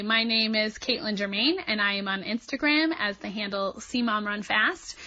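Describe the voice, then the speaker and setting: A woman telling a funny personal running anecdote in a lively, animated way, recorded herself for a podcast. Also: medium pitch. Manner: lively, animated storytelling with laughs. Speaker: podcast listener submitting a story. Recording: lo-fi self-recorded clip.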